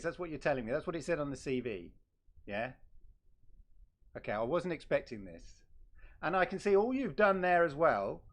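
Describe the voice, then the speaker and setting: A man hosting a casual live stream, talking in a teasing, halting way with frequent fillers and repeats. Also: a little high. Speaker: host.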